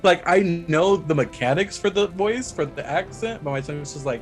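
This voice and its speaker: A player chatting casually, making fun of themself in an animated way. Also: mid-range voice, fairly quick, over music. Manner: self-mocking, animated. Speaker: tabletop game player. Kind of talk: casual group chat.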